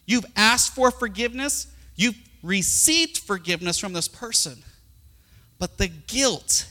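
Preacher guy telling a story in his sermon, high bright voice, long echo from the hall. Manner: emotive storytelling, dynamic. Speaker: pastor.

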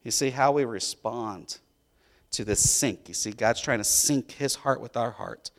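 A man preaching a sermon as a pastor, telling a story in an animated way and swinging between loud and hushed. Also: medium pitch, measured pace.

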